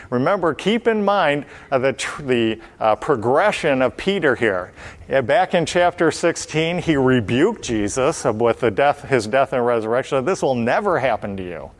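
Man teaching a Bible sermon. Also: mid-range voice. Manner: explanatory, repeats phrases for emphasis. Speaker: preacher.

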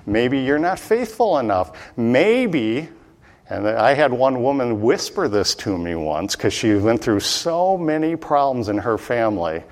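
Guy preaching, earnest and repetitive, lots of uhs, average pitch. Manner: earnest, repetitive, many "uh" fillers. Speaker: Bible teacher. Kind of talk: sermon, verse-by-verse Bible teaching.

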